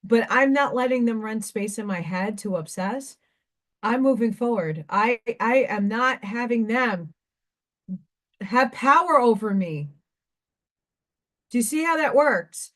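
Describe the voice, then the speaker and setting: Woman, craft stream host, high pitch, emotional rambling rant, tearful edge. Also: animated, a little slow, long pauses. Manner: emotional, ranting, repeats herself. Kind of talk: casual live-stream monologue.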